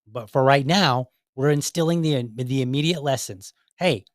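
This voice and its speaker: A man's voice: mid-range voice, normal speed, dry recording, studio quality. A man hosting a podcast, giving casual, earnest commentary on videos, talking in a rambling way with restarts. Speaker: podcast host.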